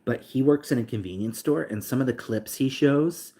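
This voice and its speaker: A man's voice: mid-range voice, normal speed, few pauses, warm tone. A young man talking loosely to his live stream audience, rambling with lots of fillers and reading chat aloud. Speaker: livestream host.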